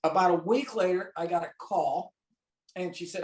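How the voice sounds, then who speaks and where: A man's voice: high voice, normal speed, pauses often, darkish tone. A man from St. Louis telling a personal story as an interview guest, acting out the voices of people he quotes. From St. Louis, USA. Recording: roomy echo.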